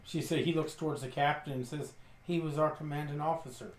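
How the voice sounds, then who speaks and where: A tabletop role-playing player narrates his character's actions and quotes the character's lines, storytelling in a slightly high, fairly even voice. He talks fast, and the recording is from an echoey room with faint noise.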